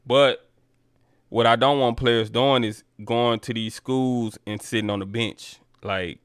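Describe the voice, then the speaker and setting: Man, casual sports talk host, gravel in the voice, clean dry recording. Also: lowish voice, a bit bright, no room sound. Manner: loose, conversational, addresses viewers as y'all. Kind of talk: casual chat reading viewer comments.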